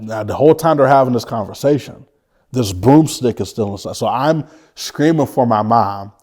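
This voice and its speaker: A man telling his own life story as an interview guest, earnest and halting, often restarting his sentences. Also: medium pitch, a little mellow. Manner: vivid retelling.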